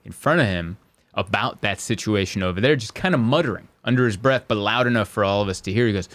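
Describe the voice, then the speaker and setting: A man's voice: on the low side, fast, no echo. Dry-sounding man telling a jokey story. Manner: animated, jokey, acts out quotes. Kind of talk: casual storytelling chat.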